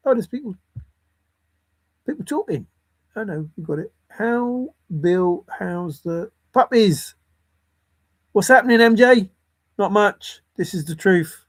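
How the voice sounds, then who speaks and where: A man's voice: high voice, lively intonation, slow. A man vlogging about a treasure hunt, rambling and giggling as he comments, repeating words and muttering to himself. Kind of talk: rambling commentary over video.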